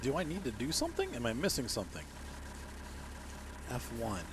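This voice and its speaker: A man's voice: medium pitch, huge pitch swings, moderate pace, noisy background. A man giving casual, self-mocking commentary while playing a farming game, chatting and laughing at his own mistakes. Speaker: let's play host.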